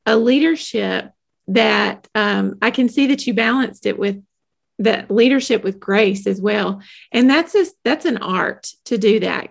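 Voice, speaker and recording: A woman with a Southern US accent co-hosts a podcast, her fairly high voice breaking into a gravelly fry. She gushes with enthusiasm and giggles often. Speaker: podcast co-host.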